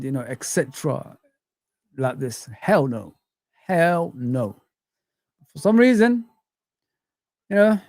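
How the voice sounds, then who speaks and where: A young man hosts a casual live stream, ranting and circling back to the same points while reading viewer comments. His voice sits a bit high, and it comes through dry and close with no room sound. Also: darkish tone, no echo. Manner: ranting, repeats himself, reads viewer comments aloud.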